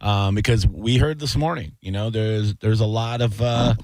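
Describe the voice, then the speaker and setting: A man's voice: fairly low pitch, moderate pace, a little mellow, no room sound. A man hosting a radio aftershow, chatting casually and joking with callers, with lots of fillers and restarts. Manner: rambling, filler-heavy, joking.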